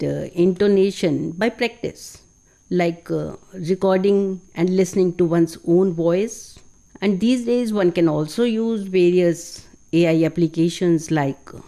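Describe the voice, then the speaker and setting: A woman in her fifties speaks English with an Indian accent, her voice a touch low and mellow in tone. She answers in a measured, explanatory way, like a teacher laying out a lesson for radio listeners. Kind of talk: radio interview.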